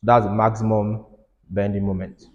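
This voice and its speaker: A man's voice: on the low side, little pitch movement, moderate pace, muffled recording. Man lecturing in a reverberant hall. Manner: repetitive, urging students to listen. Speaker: engineering lecturer. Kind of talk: classroom lecture.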